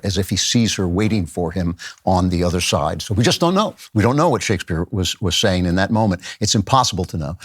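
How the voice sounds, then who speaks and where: This middle-aged podcast host delivers earnest, emphatic commentary in a lecture style, reading quotes dramatically. His voice sits lowish, and the recording is studio quality with no room sound.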